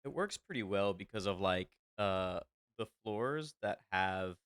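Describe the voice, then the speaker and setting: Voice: low voice, lively intonation, unhurried, clear, resonant tone, no room sound. Sarcastic, mumbling game streamer. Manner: sarcastic, quiet, mumbling asides. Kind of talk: casual game commentary.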